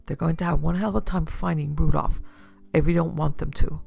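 A woman's voice: low-pitched, steady tone, gravelly, darkish tone, breathy edge, dry recording, soft background music, full character voice. A woman voicing a nervous tough-guy sidekick in a pulp detective story. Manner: nervous, hurried.

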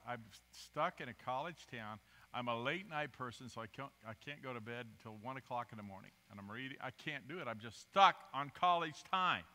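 A man preaching a guest sermon, talking with the congregation and asking them to raise their hands, shifting from quiet asides to loud, emphatic bursts. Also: medium pitch. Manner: animated, interactive with the congregation, asks for raised hands. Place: church sanctuary. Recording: long reverb of a church hall.

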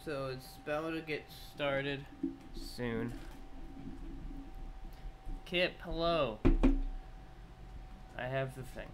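A young man live-streaming his reaction, chatting casually to viewers and swinging from low mumbling to loud excited yelling. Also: very slow, long pauses, noisy background.

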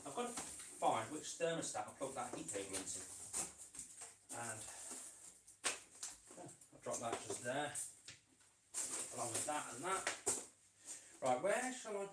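A man's voice: medium pitch, big pitch swings, a little slow, pauses often, distant mic, background noise. Male vlogger, casual rambling chat mid-task, recorded off-mic in an echoey room. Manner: rambling, chatty, talks to his animals while working. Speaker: reptile keeper vlogger. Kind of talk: casual vlog chat while working. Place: indoor reptile room. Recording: roomy sound, away from mic.

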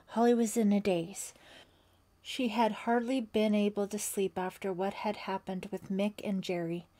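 Woman, audiobook narrator, steady and expressive, slightly low voice. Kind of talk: scripted narration.

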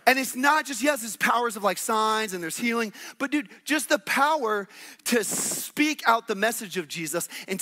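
Energetic male pastor, high bright voice, conversational sermon with call-and-response. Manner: exclamations and laughs mid-sermon.

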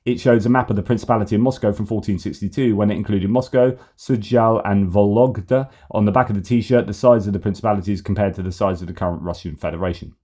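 A middle-aged man hosting news commentary, talking in an animated, argumentative way. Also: fairly low pitch, quick pace, few pauses.

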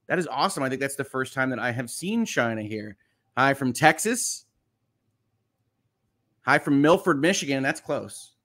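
A man's voice: medium pitch, expressive, normal speed, pauses often, fairly bright tone. A man hosting a morning livestream on legal news, chatty and upbeat as he greets viewers and reads their comments aloud. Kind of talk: casual livestream chat.

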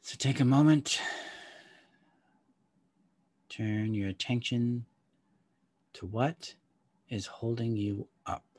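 A man leading a guided somatic meditation, giving slow, calm, soft-spoken instructions with long pauses. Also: fairly low pitch, slightly rough.

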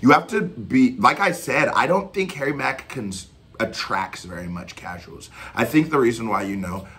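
A man hosting a reaction channel, giving casual commentary that swings from excited shouts and laughter to fast, loose explaining. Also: fairly low pitch.

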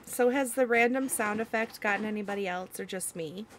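A woman's voice: medium pitch, fairly quick, slight background noise. A young woman streamer, reading chat aloud and giggling in casual talk.

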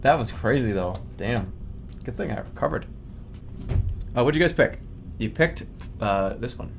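A man streaming a video game, talking to chat in an animated way with sudden yelps and casual swearing. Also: medium pitch, moderate pace, vocal fry, slight background noise. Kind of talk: live gaming stream commentary. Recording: game music in background.

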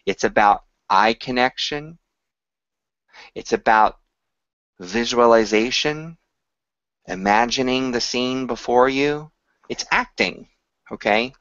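A male voice coach talking to camera at an unhurried, deliberate pace. His voice is mid-pitched and close and dry, with no room around it. The recording is dull and a little lo-fi. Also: a bit bright, no room sound. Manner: explains slowly, sings short examples to demonstrate. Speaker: voice teacher. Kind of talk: instructional talk to camera.

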